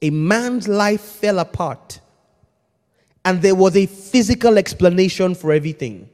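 A man preaching a sermon, swinging between hushed intensity and shouting. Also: a little high, long reverb tail.

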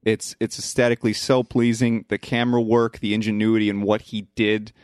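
A man with a lowish voice hosts a casual film podcast. He talks in a relaxed, chatty way and laughs easily. The sound is dry and close. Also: a little fast, clear, resonant tone, no echo. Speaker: podcast host.

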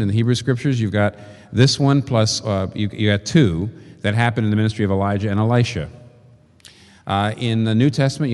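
A man preaching a sermon, working through rhetorical questions and slow, emphatic repetitions. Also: fairly low pitch, darkish tone. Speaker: pastor. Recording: long reverb of a large hall.

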